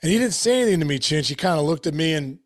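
Heartfelt man, halting sports podcast chat. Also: fairly high pitch, expressive, dry recording, studio quality. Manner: heartfelt, halting with many restarts. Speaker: podcast co-host. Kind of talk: casual chat.

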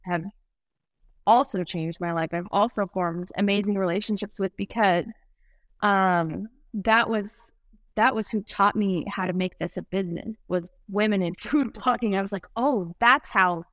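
A woman's voice: medium pitch, fairly even intonation, moderate pace, dry recording. Woman, conversational, laughs easily, mid-range voice, dry recording. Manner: chatty, laughs often. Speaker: barbecue food blogger and brand founder. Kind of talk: casual interview conversation.

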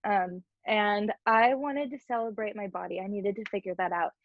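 A young adult woman, a podcast guest, telling her story in a chatty, expressive way. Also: medium pitch, normal speed, dry recording. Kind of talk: conversational interview. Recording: dull, dry lo-fi audio.

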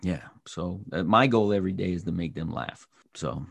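A man hosting a podcast interview, telling stories in a casual, animated way and acting out the people in them. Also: sits low, normal speed, creaky, breathy edge, dry recording, studio quality. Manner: animated storyteller, acts out voices. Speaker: podcast host.

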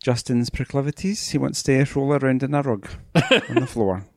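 A man's voice: medium pitch, very animated, moderate pace, darkish tone, dry recording, studio quality. A man with a Scottish accent co-hosting a podcast, chatting casually and teasing his co-hosts. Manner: playful, teasing. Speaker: podcast co-host.

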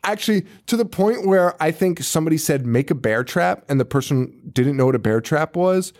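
A man's voice: a little high, brisk. A man co-hosting a podcast, chatting casually about a horror movie, swearing a lot and laughing often. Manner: profane, animated, laughs often. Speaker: podcast co-host. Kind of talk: casual movie review chat.

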